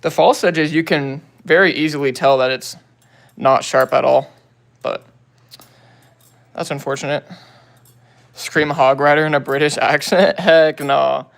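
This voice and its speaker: A young man talks casually on a phone livestream, greeting viewers and tossing out slang. His voice sits a bit high for a man and has a gravelly, fry-tinged edge. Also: fairly even intonation, fairly bright tone. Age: young adult. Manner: laid-back slangy talk, quick greetings to viewers. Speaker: livestream host. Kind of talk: casual livestream chat, reading viewer comments.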